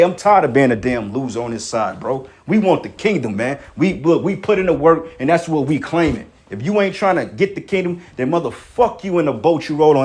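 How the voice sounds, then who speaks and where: A man delivering an angry, profane preaching rant, repeating himself and tagging lines with "man". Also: fairly high pitch. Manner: heated, repetitive, swearing, ends lines with "man".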